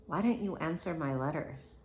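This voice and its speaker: A woman's voice: deep voice, moderate pace, a little mellow, slight background noise. A woman reading the lines of an older Indian woman in a sari, reproachful and prying, in a story read aloud.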